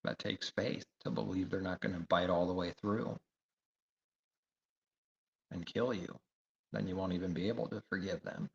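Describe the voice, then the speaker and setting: A man's voice: deep voice, fairly even intonation, moderate pace, creaky, pauses often. A man preaching a sermon, emphatic and repetitive, firing rhetorical questions. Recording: echoey room, dull lo-fi sound.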